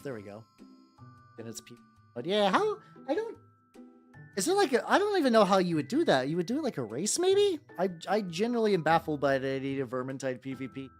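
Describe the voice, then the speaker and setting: An animated, low-pitched American woman, a VTuber streamer, paints miniatures while rambling casually to viewers. She's playful and swears, with faint music in the background.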